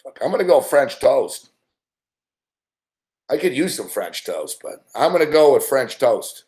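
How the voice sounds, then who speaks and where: A man's voice: mid-range voice, big pitch swings, unhurried, darkish tone. A man hosting a late-night sports talk stream, ranting in a rambling, profane way and reading out chat between laughs. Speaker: sports talk show host.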